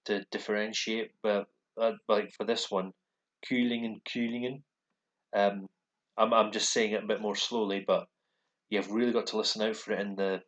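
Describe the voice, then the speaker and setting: A man with a somewhat low voice talks through a lesson in a casual, explanatory way. He sounds relaxed and thinks aloud, pausing often between phrases. He is at a computer in a dark room. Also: dull audio. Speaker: language learner recording his lessons.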